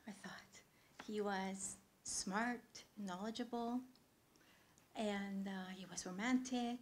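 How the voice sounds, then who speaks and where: A woman telling a true personal story live on a theatre stage, earnest, with pauses and sudden loud swells. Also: medium pitch, a little hiss or hum.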